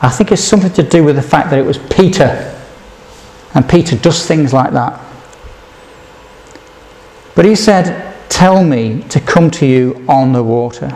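A man's voice: fairly high pitch, moderate pace, pauses often, a little mellow. A man preaching a sermon, reading scripture aloud and putting questions to his listeners.

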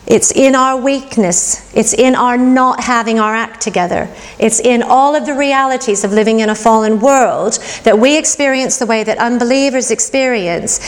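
Woman, middle-aged, preacher, earnest and reflective, fairly high voice, reverberant hall. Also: moderate pace, hardly any pauses. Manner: earnest, reflective, tells personal stories. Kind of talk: sermon.

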